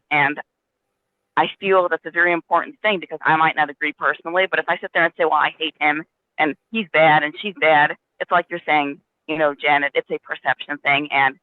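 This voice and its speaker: Man, fast talker, fairly high voice, tinny dry phone line, earnest storytelling. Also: no room sound. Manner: earnest, storytelling, many restarts. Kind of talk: casual spiritual discussion.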